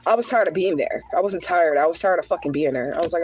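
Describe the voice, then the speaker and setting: A woman's voice: lowish voice, racing, hardly any pauses, darkish tone, slight background noise, rough recording. Chatty woman reading cards live. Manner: casual, chatty, talks straight to viewers as y'all; drops into prayerful invocation. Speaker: spiritual card reader. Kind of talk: livestreamed tarot reading.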